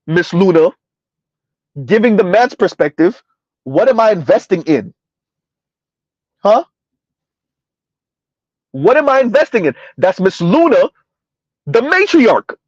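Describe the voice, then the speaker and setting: A commentary channel host in South Florida delivers a reaction commentary in a high, darkish voice, sounding emphatic and sarcastic. He draws out and repeats words for effect and often adds a rhetorical "huh?". There's no room sound, and the audio is muffled.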